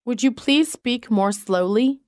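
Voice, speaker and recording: A woman reading isolated English practice sentences for a lesson, in a measured, even way. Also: a little high, no echo, studio quality.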